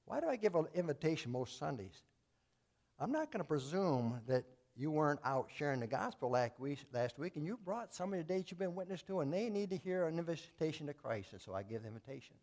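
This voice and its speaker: A man preaching as a Baptist pastor, folksy and plain-spoken, swinging between loud emphatic lines and quiet asides. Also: on the high side, sing-song, fast talker. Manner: folksy, telling jokes and acting out voices. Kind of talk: sermon.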